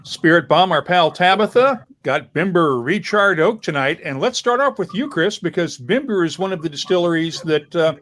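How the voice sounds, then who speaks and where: A man with a fairly high voice hosts a relaxed online tasting chat. He jokes easily and reads viewer comments aloud, heard through a video-call mic. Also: moderate pace, few pauses, a little hiss or hum. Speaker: host. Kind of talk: casual webcast chat.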